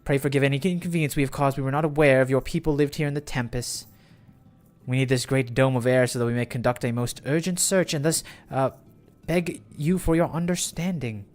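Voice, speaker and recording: A man's voice: medium pitch, steady tone, brisk, lightly acted. A man voicing an earnest young male scholar from a game, speaking formally and politely. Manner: formal, polite read-aloud.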